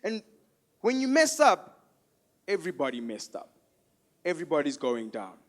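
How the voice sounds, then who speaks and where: A man doing stand-up comedy with a fairly high voice, animated and punchy, jumping between storytelling and loud acted-out bits. His delivery rises in volume whenever he hits a punchline. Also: normal speed.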